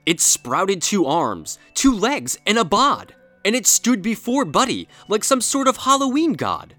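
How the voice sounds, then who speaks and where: A man narrating a rhyming Halloween story in a playful, expressive storybook style. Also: sits high, measured pace, no room sound, soft background music.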